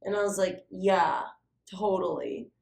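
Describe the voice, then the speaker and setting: A woman's voice: on the low side, a little slow, creaky, roomy sound. A young adult woman co-hosting a podcast, telling a story casually with lots of "like" and swearing. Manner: animated, heavy use of "like", swearing. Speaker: podcast co-host.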